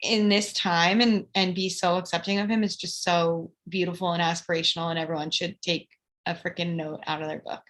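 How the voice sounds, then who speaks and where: A woman's voice: lowish voice, flat delivery, a little fast, fairly bright tone. A woman co-hosting a casual podcast, recapping a reality show with emphatic, gushing chat. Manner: gushing, emphatic, mimics people in silly voices. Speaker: podcast co-host.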